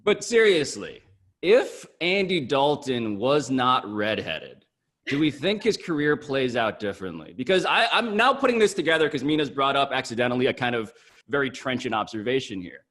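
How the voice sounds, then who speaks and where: A man's voice: medium pitch, very animated, moderate pace, fairly bright tone. A man co-hosting a sports talk show, making wry, mock-grand arguments in casual chat.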